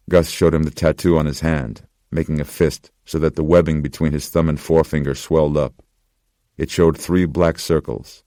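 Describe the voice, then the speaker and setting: A man narrating a horror audiobook in a steady, even reading. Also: very deep voice, moderate pace, dry recording, studio quality.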